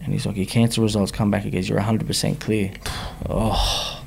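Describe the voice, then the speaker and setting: A man's voice: fairly low pitch, flat delivery, fast, gravelly, a little mellow, slightly rough. An Australian man, a rapper, frankly telling his personal story as an interview guest, in slangy speech that keeps checking in with the listener. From Sydney, Australia. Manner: frank, slangy, often adds "you know what I mean".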